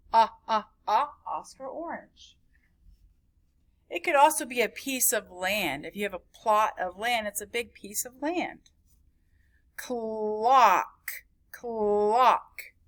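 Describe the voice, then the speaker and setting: A woman teaching a recorded phonics lesson to young children, slowly stretching out and repeating each sound in a sing-song way. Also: mid-range voice, a bit bright. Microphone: camera recording at a desk.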